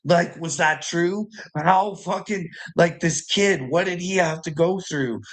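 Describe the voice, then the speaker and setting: A man's voice: high-pitched, a little slow, a bit bright. A man ranting about news headlines with heavy swearing and sarcasm, often trailing off into mutters. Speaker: commentator reacting to news headlines. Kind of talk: profane ranting commentary.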